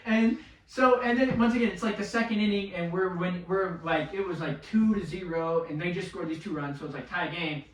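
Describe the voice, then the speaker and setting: A young man telling a baseball story in casual chat. He talks in an animated way, swears a lot and loudly mimics other people's voices. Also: high-pitched, a little fast. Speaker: podcast guest, baseball player. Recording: echoey room, mic at a distance.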